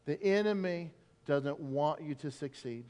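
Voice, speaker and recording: A middle-aged male pastor delivers a sermon in a church sanctuary. His voice sits high and bright, and he slips into animated impressions of the figures in his stories. Long reverb from the hall trails each phrase. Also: measured pace. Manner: animated storytelling, acting out biblical figures.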